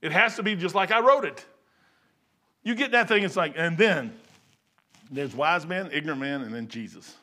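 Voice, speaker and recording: A middle-aged man preaching a sermon, switching between loud excited bursts and low quiet asides. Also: moderate pace, pauses often.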